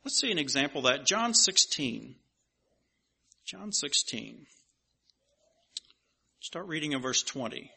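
A man's voice: on the high side, very animated, takes it slowly, gravelly, long pauses, pushed and bright, husky. A man preaching a sermon and reading scripture aloud, emphatic and asking rhetorical questions at an uneven pace.

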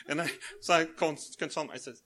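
An older man with grandchildren, preaching a sermon in a folksy way, telling family anecdotes and chuckling as he quotes children softly. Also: a little high, normal speed.

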